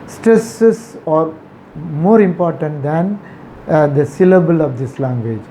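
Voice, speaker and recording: A man with an Indian English accent explains a poem in a slow, unhurried way. His voice is mellow and warm, full of "uh" pauses and repeated words. Faint traffic noise sits in the background. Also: fairly high pitch. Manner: halting, many "uh" fillers, repeats words for emphasis. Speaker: English teacher. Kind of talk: classroom poetry lesson.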